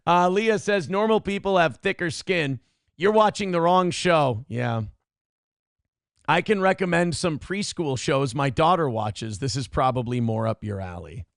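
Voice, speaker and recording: Animated, gravelly-voiced male streamer. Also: fairly high pitch, a little slow, no echo, studio quality. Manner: mocking, taunting, profane banter. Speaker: live stream host. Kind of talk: live stream chat reading.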